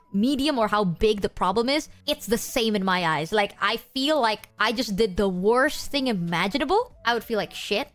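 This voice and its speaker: Young woman, streamer, animated high voice, candid and swearing, faint music behind. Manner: candid, swearing, joking self-mockery. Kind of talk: casual livestream chat.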